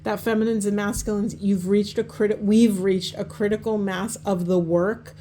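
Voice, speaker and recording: A woman's voice: mid-range voice, steady tone, moderate pace, mellow, slight background noise. A woman reading oracle cards outdoors by the ocean, talking in an earnest, affirming way with frequent restarts. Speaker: oracle card reader. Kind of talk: spiritual card reading.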